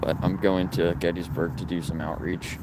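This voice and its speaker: A man with a low-pitched voice talks earnestly to his viewers while he walks and films on a residential street. He is recorded on a handheld phone, and clear traffic noise runs behind him. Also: little pitch movement, normal speed. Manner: earnest, talking while walking and filming. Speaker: animal rights activist livestreamer. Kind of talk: casual livestream talking to viewers.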